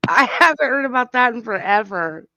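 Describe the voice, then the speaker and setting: A woman's voice: on the high side, expressive, a little fast, bright, forceful tone, no echo, muffled recording. A woman hosting a casual livestream, chatting and often laughing. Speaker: livestream host. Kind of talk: casual chat.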